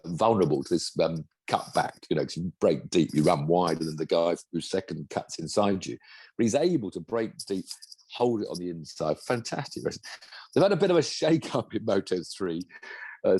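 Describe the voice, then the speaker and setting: A man's voice: low-pitched, darkish tone, slightly rough, dry recording. A man, a former racing driver, co-hosting a casual motorsport chat, enthusiastic and rambling, full of restarts. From England.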